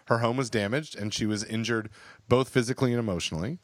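A man's voice: mid-range voice, fairly even intonation, fast talker, dry recording. A man co-hosting a podcast, chatting casually and rambling with lots of fillers and restarts. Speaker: podcast co-host.

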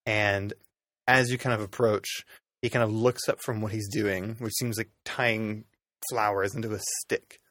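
Game master, man, lowish voice, rambling casual narration, dry close sound. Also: steady tone, a little slow, fairly bright tone, no echo. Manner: loose, rambling, lots of ums.

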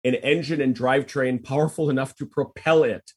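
A man with a husky, slightly rough voice co-hosts a casual chat. He reads historical figures aloud and then drifts into chatty asides and restarts. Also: medium pitch, steady tone, fairly quick. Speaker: podcast co-host.

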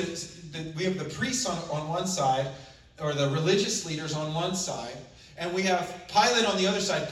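A man's voice: sits high, a bit bright. A man, a pastor, giving a sermon that reads scripture and then retells it in casual, conversational words. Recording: very echoey room, voice from far off.

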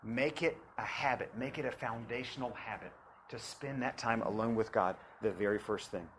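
A man preaching a sermon to students, swinging from loud preaching to hushed asides and repeating phrases for emphasis. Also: mid-range voice, normal speed, a little hiss or hum, rough recording.

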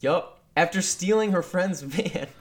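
A man's voice: high voice, a little slow. A man co-hosting a podcast, chatting casually and ranting with plenty of swearing. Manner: profane, animated ranting. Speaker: podcast co-host. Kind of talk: casual chat.

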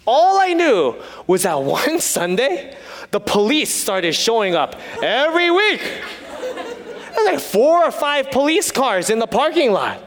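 A man's voice: very high-pitched, huge pitch swings, slow pace, a bit bright, long reverb tail. A man preaching a sermon, telling stories with humor and then turning earnest. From United States. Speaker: pastor.

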